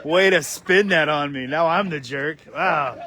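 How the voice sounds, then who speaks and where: A man's voice: on the high side, measured pace, bright, forceful tone. Joking man interviewing at a stable. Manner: playful, punny, self-mocking. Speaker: reporter interviewing volunteers. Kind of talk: casual joking street interview. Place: outdoors at a horse stable.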